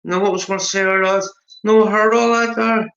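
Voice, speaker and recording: A man's voice: high voice, steady tone, normal speed, gravelly, fairly bright tone. A man calling into a livestream, agitated and rambling, stumbling over his words. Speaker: livestream panel guest. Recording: dull lo-fi stream mic.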